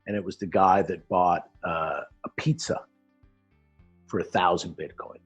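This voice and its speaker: A man's voice: deep voice, steady tone, unhurried, slightly rough. A man explaining things in a casual chat, telling anecdotes with many restarts. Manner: storytelling, acts out quoted characters, frequent restarts. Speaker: guest explaining Bitcoin mining. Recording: dull lo-fi audio with faint music.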